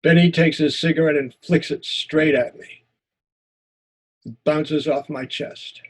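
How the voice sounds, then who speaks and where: Male writing teacher, husky and a touch high, expressive first-person story reading. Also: slow, pauses often. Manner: expressive reading, repeats words in tense moments. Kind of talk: lecture and reading a memoir story aloud.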